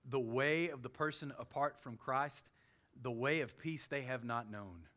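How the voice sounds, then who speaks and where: A man with a Southern US accent preaching a sermon as pastor, animated, with quick humorous asides. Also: mid-range voice. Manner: animated preaching, with sudden loud jokey voices and soft asides.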